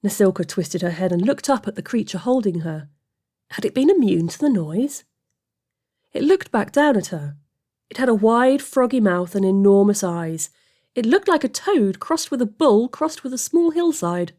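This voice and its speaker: A woman reading a fantasy story aloud as narrator, steady and expressive. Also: mid-range voice, moderate pace. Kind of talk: audiobook fiction reading.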